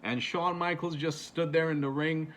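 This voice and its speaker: A man's voice: a little high, fairly even intonation, normal speed, fairly bright tone. A man casually retelling moments for a countdown video, rambling with many fillers and restarts. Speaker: YouTuber.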